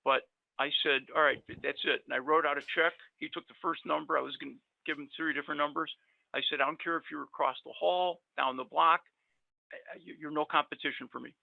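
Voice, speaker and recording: A man's voice: fairly high pitch, steady tone, a little fast, creaky, no room sound. A middle-aged man telling long, rambling personal stories in casual chat, with many fillers. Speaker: guest dentist. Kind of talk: casual storytelling. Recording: dry tinny phone-like line.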